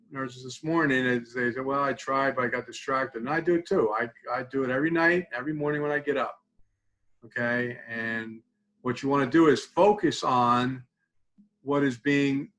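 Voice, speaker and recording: A man of ordinary pitch speaks as a student support clinician on a live webinar. His delivery is loose and conversational, full of "okay?" and "all right?" as he walks listeners through tapping and body-scan exercises. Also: low-quality recording. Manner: conversational, tags lines with "okay?"; guides tapping and mindfulness exercises.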